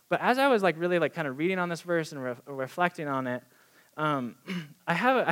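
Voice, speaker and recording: A man's voice: on the high side, a bit bright. A young man giving a casual, earnest sermon, full of fillers and little acted-out conversations. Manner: earnest, chatty, many "like" fillers and acted-out dialogue. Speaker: youth pastor preaching.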